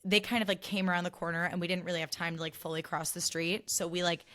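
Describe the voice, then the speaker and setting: A woman's voice: on the low side, fairly even intonation, quick pace, a bit bright. A woman hosting a casual solo podcast, chatting in a loose, filler-heavy way with sarcastic asides. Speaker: podcast host.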